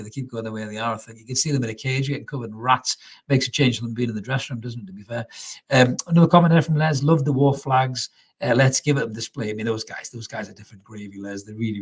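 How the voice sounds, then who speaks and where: Middle-aged man, husky voice, chatty and sweary, live stream host. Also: medium pitch. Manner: chatty, swears freely, repeats "really, really". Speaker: fan channel host reading live chat. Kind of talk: casual live stream chat.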